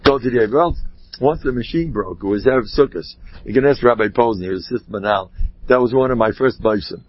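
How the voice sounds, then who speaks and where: A man tells Torah stories in a loose, rambling way, full of animated asides. His voice is husky. The recording is dry and dull, with a lo-fi sound. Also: medium pitch, brisk, no echo. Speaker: rabbi giving a talk. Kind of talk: informal Torah talk with stories.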